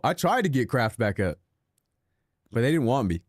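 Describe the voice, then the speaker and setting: A man's voice: medium pitch, very animated, normal speed, no room sound, clean studio sound. A young man streaming a racing game, chatting with his viewers in a sarcastic, self-deprecating, rambling way. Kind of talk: casual live-stream chat while gaming.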